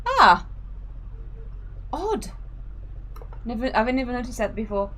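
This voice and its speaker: A woman's voice: a little high, big pitch swings, slow pace, fairly bright tone. A woman hosting a casual live stream, chatting freely, laughing and reading out the chat. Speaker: streamer and sim racing host.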